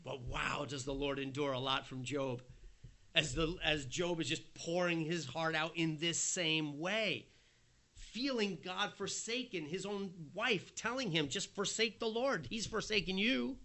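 A man preaching a sermon, earnest and conversational, dropping soft and then rising emphatic as he acts out the quoted voices. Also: a little high, a little slow.

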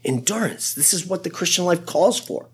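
Animated husky male preacher. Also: sits high, moderate pace. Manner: animated, conversational preaching with frequent asides. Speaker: pastor. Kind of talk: sermon.

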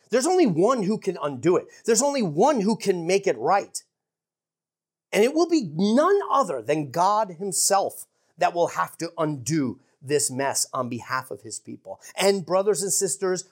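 A woman preaching a sermon in an earnest, emphatic way, dropping to hushed asides for effect. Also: medium pitch.

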